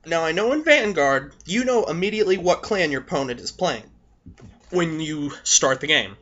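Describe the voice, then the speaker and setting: A hoarse young man giving blunt, profane tips to his viewers in a casual vlog, coughing between points. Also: a little high, lively intonation, moderate pace, fairly bright tone. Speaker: vlogger. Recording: dull lo-fi recording.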